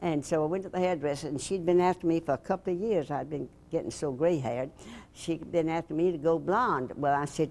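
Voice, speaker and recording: An older woman from Alabama, telling lively stories about her past as a radio host and reporter in an interview. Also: sits low, fairly quick. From Alabama, USA. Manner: lively storyteller who acts out the voices in her anecdotes. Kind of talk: storytelling reminiscence.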